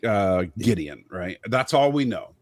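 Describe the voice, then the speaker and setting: A man's voice: fairly low pitch, expressive, a little slow. A man in casual discussion, talking eagerly and thinking aloud with lots of fillers.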